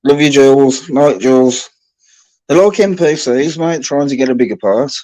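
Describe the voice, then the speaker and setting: A man hosting a livestream chat, rambling and halting with restarts. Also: mid-range voice, mellow, no room sound, low-quality recording. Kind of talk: casual chat.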